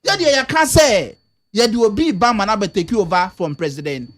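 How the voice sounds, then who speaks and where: A man's voice: high voice, animated, normal speed. A man giving emphatic political commentary on a radio talk show, mixing Twi and English.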